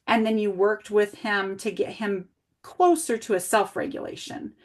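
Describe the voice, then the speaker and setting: Woman, early childhood coach, reflective and questioning, middle pitch, one-on-one coaching talk. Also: normal speed. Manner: reflective, asks gentle guiding questions. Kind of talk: coaching conversation.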